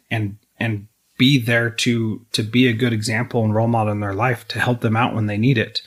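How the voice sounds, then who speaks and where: A middle-aged man hosting an interview podcast, talking earnestly about supporting teenagers. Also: fairly low pitch. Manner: earnest, emotional at times. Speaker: podcast host. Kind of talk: interview conversation.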